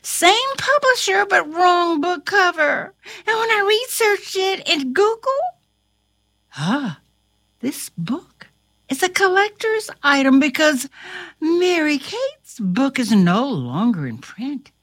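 A woman reading a storybook aloud and talking straight to her listeners, with a highly expressive, dramatic delivery. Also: slow pace, no echo, studio quality.

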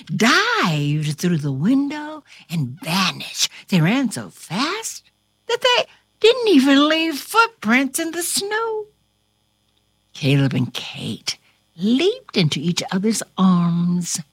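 A woman's voice: mid-range voice, a bit bright, breathy edge, no echo. A woman reading a storybook aloud with theatrical flair, dropping to whispers and rising to cries, then chatting with her listener.

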